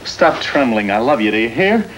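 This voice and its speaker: A man's voice: mid-range voice, big pitch swings, moderate pace, fairly bright tone, slight background noise, low-quality recording. An actor playing a tormented, fragile young male dancer in a 1940s film, anguished and pleading. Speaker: ballet dancer.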